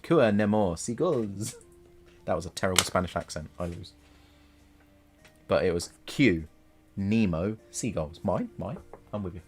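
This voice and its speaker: Low-voiced male streamer, playful casual chatter over soft background music. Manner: chatty and playful, quick to laugh. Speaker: livestreamer painting miniatures. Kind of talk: casual live-stream chat.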